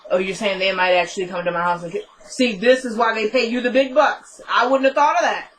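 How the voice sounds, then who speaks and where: A young woman casually recapping a TV episode, telling it as an animated story and often laughing. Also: mid-range voice, a little fast, low-quality recording.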